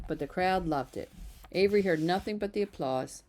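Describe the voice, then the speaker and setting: A woman's voice: lowish voice, normal speed. Woman reading a children's book aloud. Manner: steady, even narration with small slips. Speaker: reader. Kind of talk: storybook read-aloud.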